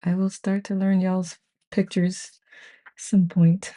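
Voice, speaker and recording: The host of a live book-study group chats casually on a live stream, greeting each viewer by name and reading the chat aloud with gushing enthusiasm, saying "I love it" again and again. The voice sits at medium pitch with a dark tone, a level tone, and a slow pace.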